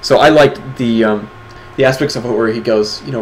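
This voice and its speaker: A man's voice: mid-range voice, fairly quick, few pauses, slight background noise, low-quality recording. A man co-hosting an online awards show in casual chat, joking and teasing his co-host.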